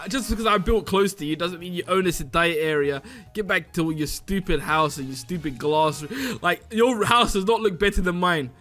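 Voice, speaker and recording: A high-pitched young man narrates his game pranks in a giggly, mischievous way. Faint music plays underneath his voice. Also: bright, forceful tone. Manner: giggly, mischievous, laughs often. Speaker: Minecraft YouTuber. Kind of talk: casual gameplay commentary.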